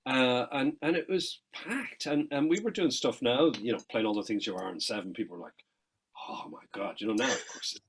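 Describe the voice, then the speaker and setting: Irish male guest, middle-aged, husky voice, animated storyteller who swears freely. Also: mid-range voice, low-quality recording. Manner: animated anecdotes, quick asides and frequent swearing. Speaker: guest musician. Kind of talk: casual interview storytelling.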